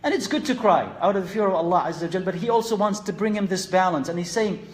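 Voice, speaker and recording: A man's voice: sits high, lively intonation, fast, few pauses. Earnest man teaching a religious lesson. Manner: earnest, explaining with rhetorical questions; mixes Arabic phrases into English. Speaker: Islamic teacher.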